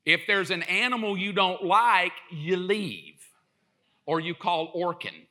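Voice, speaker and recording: A male preacher with a high, ringing voice delivers a lively sermon. His tone is intensely bright and sharp-edged. He jokes and acts out small scenes as he goes. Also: slow pace. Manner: animated, joking storyteller who acts out quotes. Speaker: pastor.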